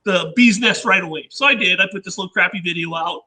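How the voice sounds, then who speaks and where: A man with a squeaky voice, a guest inventor telling rambling anecdotes in casual chat and acting out what others said. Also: quick pace, bright, forceful tone, rough recording. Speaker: podcast guest, inventor and engineer.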